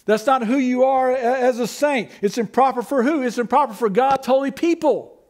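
A man's voice: very high voice, normal speed, a little mellow. A man preaching a sermon as pastor, conversational, asking rhetorical questions and teasing the congregation.

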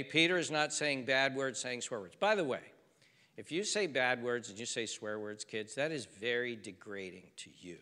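A man's voice: medium pitch, pushed and bright. A man preaching a sermon in an earnest, conversational way, often repeating himself for emphasis. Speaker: pastor. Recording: reverberant hall.

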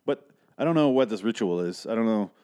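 A man's voice: on the low side, expressive, fairly quick, a little mellow, smooth. A man in his thirties casually recapping a film, sarcastic and exasperated, swearing freely. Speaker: film reviewer.

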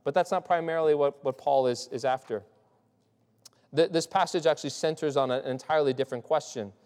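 Restarting his sentences frequently and tossing in "right?" to check on the congregation, a male pastor delivers a loose, conversational sermon. He speaks fairly quickly in a slightly high voice with a darkish tone. The sound has a long hall reverb.

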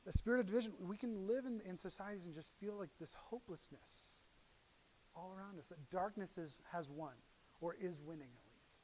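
With a little hiss or hum on the recording, a middle-aged pastor preaches a little fast in a fairly high voice. He animates the sermon's story by acting out characters, shifting between loud excitement and hushed, quiet asides.

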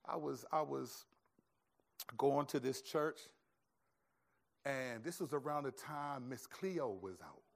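A pastor preaching a sermon in an animated, conversational storytelling way. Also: male voice, medium pitch, slow pace, vocal fry, long pauses.

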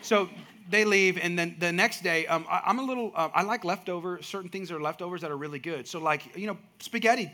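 Bright-voiced man preaching a sermon. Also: high voice, fairly quick. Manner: storytelling with rising emphatic outbursts. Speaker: pastor.

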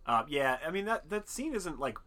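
A man's voice: on the high side, sing-song, moderate pace, pushed and bright. A man co-hosting a casual movie podcast, rambling and profane, breaking into jokey voices for the characters. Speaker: podcast co-host. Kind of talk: casual chat reviewing a movie.

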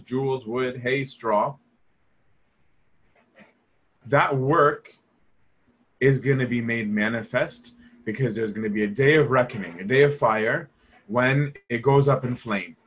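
A man's voice: mid-range voice, fairly bright tone, slightly rough. A man giving a conversational Bible study lecture, asking his listeners rhetorical questions and acting out the voices he quotes. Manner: asks the audience rhetorical questions.

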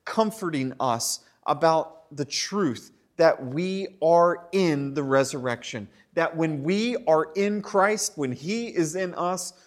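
A man preaching a sermon in an animated, conversational way, with fillers and asides. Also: fairly high pitch. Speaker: pastor.

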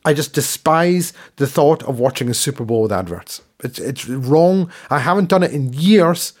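Male podcast co-host, higher register, casual ranting chat. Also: animated, moderate pace. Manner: ranting, repeats words when worked up.

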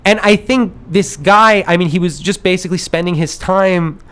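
Speaking at a moderate pace in a clear, resonant, high-pitched voice, a man hosting a podcast rambles through a casual story. He's animated, voicing the other characters himself and laughing as he goes.

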